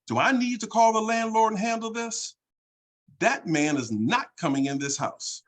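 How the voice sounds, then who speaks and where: A man reading out the lines of an angry wife who yells from inside her apartment. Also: medium pitch, animated, moderate pace, pitched above the performer's own voice, lightly acted. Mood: yelling indignant. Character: angry wife yelling behind a door.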